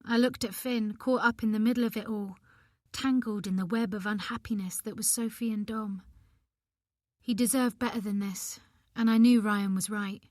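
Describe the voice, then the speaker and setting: A woman narrating an audiobook in the first person, reading in an expressive, measured way. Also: mid-range voice, no room sound, clean studio sound.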